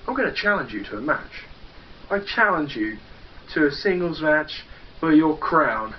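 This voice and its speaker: A man's voice: a little high, very animated, moderate pace. A young English man cutting a boastful, profane wrestling promo and taunting a rival. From England. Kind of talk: trash-talking wrestling promo. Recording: dull lo-fi home video with faint noise.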